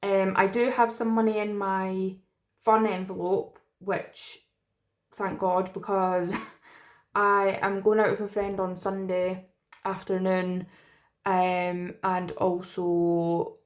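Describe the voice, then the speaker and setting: A woman's voice: medium pitch, darkish tone. Woman from the UK, casual budgeting vlogger, chatty and rambling, a little tired. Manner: chatty, rambling, many fillers. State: tired, yawning. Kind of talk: casual chat to camera.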